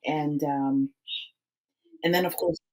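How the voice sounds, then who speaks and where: The podcast host here is a woman in her forties whose voice sits low, with fairly even intonation, a slow pace and a slightly mellow quality. She chats animatedly through a casual interview, laughing often between phrases, and the recording quality is low.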